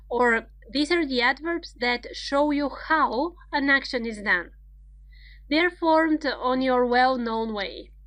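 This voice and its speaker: A woman's voice: fairly high pitch, pushed and bright, no room sound, low-quality recording. A woman teaching grammar in an online lesson, explaining step by step and reading out example sentences.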